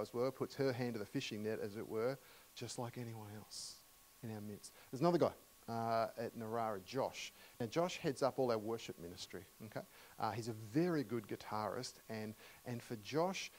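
A middle-aged Australian man preaching a sermon in a church, telling humorous stories warmly with many fillers and restarts. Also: mid-range voice, moderate pace, rough recording. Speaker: guest preacher. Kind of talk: storytelling sermon.

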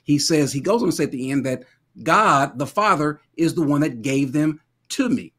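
A man's voice: on the high side, lively intonation, normal speed, fairly bright tone. A man in a theological debate who talks earnestly, often stammering and repeating words as he reads and argues.

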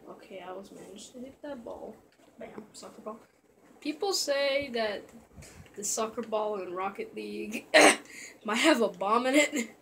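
A man casually commentating a let's-play video, rambling and excitable, often trailing off into mumbled asides. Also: sits high, a little slow, creaky, slight background noise. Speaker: gameplay commentator.

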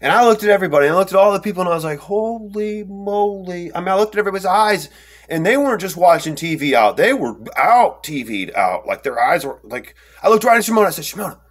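A young man telling a personal story in a rambling, animated way, with lots of fillers and restarts, and acting out the quotes. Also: high-pitched, fast. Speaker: storyteller recounting an encounter. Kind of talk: casual first-person storytelling.

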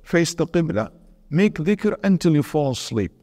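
A man's voice: on the high side, expressive, moderate pace, gravelly, dark tone. Earnest man teaching in an echoey hall. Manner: earnest, asks the audience questions and answers them. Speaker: sheikh teaching a religious class. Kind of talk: religious lesson with storytelling.

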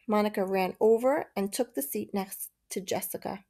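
A woman reading a children's novel aloud, steady and measured. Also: medium pitch. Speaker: narrator. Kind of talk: storybook reading.

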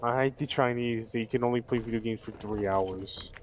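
A man's voice: mid-range voice, steady tone, moderate pace, over loud music, low-quality recording. A man trading crude jokes with friends over voice chat while gaming, yelping and groaning at the action. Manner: joking, yelping and groaning in play. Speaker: gamer in a voice chat.

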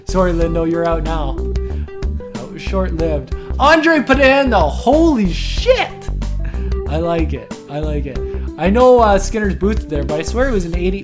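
A man giving casual gameplay commentary, excitable, swearing and exclaiming, chatting to the players on screen. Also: sits high. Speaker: gaming video host.

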